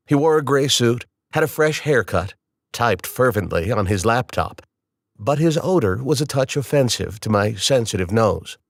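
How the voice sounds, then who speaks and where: A man reading a novel aloud in the first person, in a measured, wry storytelling manner. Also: medium pitch, no room sound, studio quality. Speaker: audiobook narrator. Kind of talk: scripted first-person narration.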